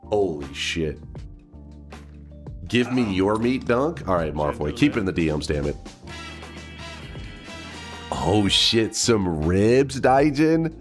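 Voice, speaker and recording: A man's voice: fairly low pitch, very animated, slow pace, pauses often, soft background music. A man from Texas, a game streamer with a stuffed-up nose, chatting casually on a livestream in a rambling, swearing way. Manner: rambling, swearing, laughing to himself.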